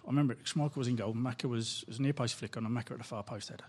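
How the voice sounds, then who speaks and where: A man's voice: mid-range voice, fairly even intonation, rapid-fire, darkish tone, breathy edge. A man appearing as a first-time podcast guest, reminiscing in short bursts about an old match. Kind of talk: casual podcast chat.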